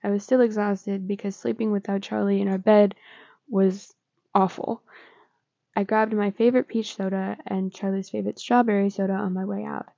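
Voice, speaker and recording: Gravelly woman reading fan fiction. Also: mid-range voice, level tone, warm tone, no echo, muffled recording. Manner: plain, unhurried reading with small slips. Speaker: fanfiction reader.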